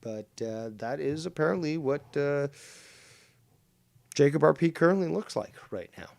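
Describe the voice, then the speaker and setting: A man's voice: fairly high pitch, expressive, normal speed, vocal fry, a little mellow, no echo. Brash sarcastic male stream host. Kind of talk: casual live-stream talk show.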